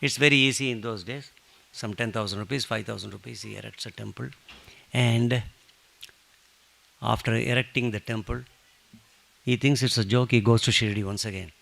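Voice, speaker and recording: A man leading a satsang, telling a devotional story with lively joking asides. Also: medium pitch, moderate pace, gravelly, pauses often. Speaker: satsang speaker.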